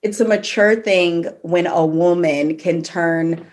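A woman's voice: lowish voice, slow pace, darkish tone. A young woman co-hosting a casual faith podcast, talking reflectively and laughing between her thoughts. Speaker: podcast co-host. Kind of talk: faith-based casual chat.

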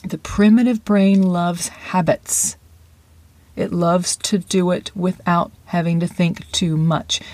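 A mellow, low-key voice with a slightly husky, breathy edge, talking like a coach encouraging students. The delivery is conversational, sometimes slipping into quick asides and hushed whispers for emphasis. The sound is close and dry, with no room echo. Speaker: acting coach. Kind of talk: podcast-style lesson monologue.

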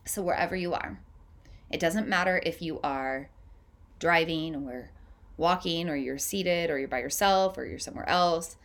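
A woman hosting a podcast, leading a guided breathing meditation in a slow, gentle, soothing way with long pauses. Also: sits low, music in the background.

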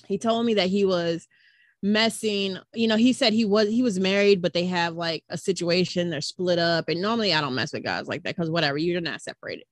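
A woman's voice: lowish voice, fairly quick, dry recording. A woman co-hosting a podcast, telling a story in a chatty, conversational way. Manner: chatty, laughs along, conversational. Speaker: podcast co-host. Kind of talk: casual storytelling chat.

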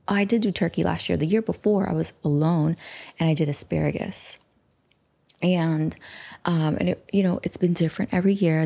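A woman in her forties from the United States, hosting her own show in a chatty, rambling way and slipping into soft whispered asides. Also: deep voice, creaky. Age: 40s. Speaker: podcast host. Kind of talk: casual solo talk.

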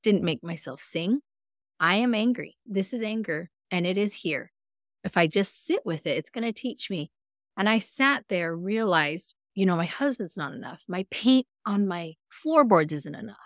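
A woman guest on a podcast, a mindfulness coach, telling personal stories in a candid, earnest way with sudden jumps in pitch. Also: no echo, studio quality. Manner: earnest, self-reflective. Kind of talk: casual interview conversation.

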